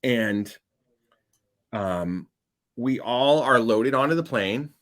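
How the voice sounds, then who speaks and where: A man telling a long anecdote as a podcast guest, animated and building to loud punchlines. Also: medium pitch, slow pace. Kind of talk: casual storytelling.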